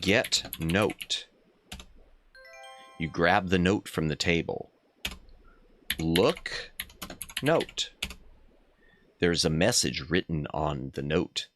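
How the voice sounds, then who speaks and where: Male streamer, chatty play-along commentary, bright tone, lively unhurried delivery. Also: deep voice, a little hiss or hum. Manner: chatty, thinks aloud, reads game text aloud. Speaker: streamer playing a retro adventure game. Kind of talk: casual live-stream commentary.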